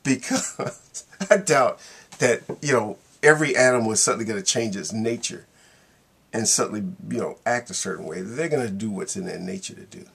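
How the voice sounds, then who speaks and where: A man's voice: fairly low pitch, fast, vocal fry, a bit bright, breathy edge. A man giving a casual, rambling monologue in his vlog, wry and laughing at himself. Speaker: vlogger.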